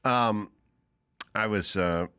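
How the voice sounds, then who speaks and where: A man hosting a podcast interview, asking gentle, probing questions and giving short replies while listening. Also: fairly low pitch, very slow, clean tone, dry recording, studio quality. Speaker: host.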